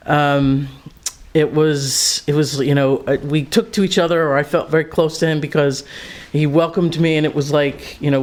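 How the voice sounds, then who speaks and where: A middle-aged woman speaking casually at a memorial, halting with fillers and frequent laughter. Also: low voice.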